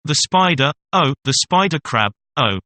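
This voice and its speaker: A man's voice: on the high side, animated, unhurried, sharp tone. A man voicing a frightened old female servant in a hypnotic trance, speaking in a gasping, strangled way. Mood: entranced terror.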